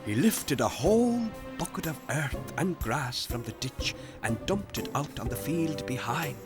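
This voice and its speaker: A man narrating a children's story in a gentle, steady storytelling manner. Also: medium pitch, measured pace, over loud music.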